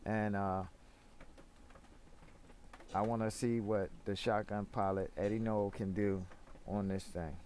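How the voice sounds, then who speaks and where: A man from Florida streams a video game and chats through it in a loose, rambling way, stopping often on filler words. His voice sits low, and a faint hiss of noise runs under the recording. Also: steady tone, takes it slowly, pauses often, a little mellow. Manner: rambling, chatty, many fillers. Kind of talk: casual gameplay commentary.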